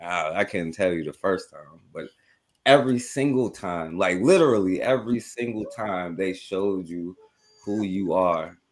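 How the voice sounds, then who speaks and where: A man's voice: sits low, measured pace. A man co-hosting a casual talk radio show, heated and emphatic, cussing as he makes his point. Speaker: co-host.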